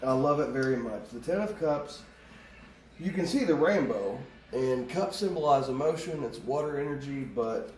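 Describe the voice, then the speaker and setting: A man's voice: mid-range voice, expressive, normal speed, slight background noise. A man giving a casual tarot reading, rambling off on tangents and swearing casually. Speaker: tarot reader. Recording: echoey room, distant mic, faint ambience.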